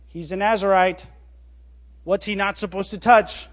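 A man preaching a sermon as a pastor, telling a story with animated rises and quiet, low drops on key words. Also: unhurried, long pauses.

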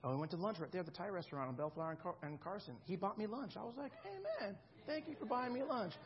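A man's voice: sits high, lively intonation, fast, highs cut off, a crowd in the background. A man in his thirties preaching a sermon in a conversational way, often checking in with the congregation. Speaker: pastor.

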